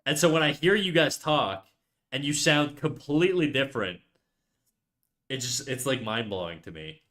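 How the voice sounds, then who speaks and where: A man's voice: medium pitch, moderate pace, sharp tone. Young Canadian male streamer with a Canadian accent, casual and profane, talking to chat while drawing. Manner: loose, joking, swears often. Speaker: live-streaming artist.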